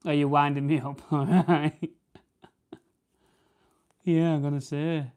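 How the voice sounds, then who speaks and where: His voice is on the high side, level in tone and slow, a little mellow, clear and resonant. This Barnsley man with a Yorkshire accent hosts a farming channel, preparing game birds on a livestream and chatting casually, rambling and correcting himself as viewers ask questions.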